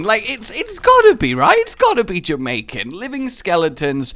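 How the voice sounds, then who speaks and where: A young man commentating his own gameplay in a jokey, excitable way, breaking into loud, high exclamations. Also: moderate pace. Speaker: gaming video host. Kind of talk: let's play commentary.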